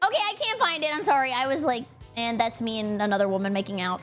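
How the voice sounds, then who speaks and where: A young woman streamer in casual, rambling chat with her viewers, giggly and excitable. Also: on the high side, quick pace, hardly any pauses, soft background music. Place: home streaming setup.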